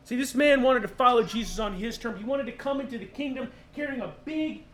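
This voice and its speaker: A man's voice: very high voice, brisk. A male pastor preaching a sermon in a casual way, with joking, sarcastic asides.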